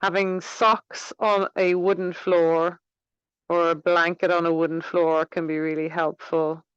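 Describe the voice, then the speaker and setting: Woman yoga teacher, calm unhurried guidance, dry close sound, a touch muffled. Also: fairly low pitch, smooth, no room sound. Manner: gentle, unhurried guiding. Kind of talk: guided movement class. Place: room with wooden floor.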